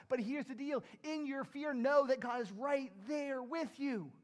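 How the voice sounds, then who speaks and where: A middle-aged man pastor preaching a sermon in an earnest, emphatic way, pushing up to strong rises. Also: extremely high pitch.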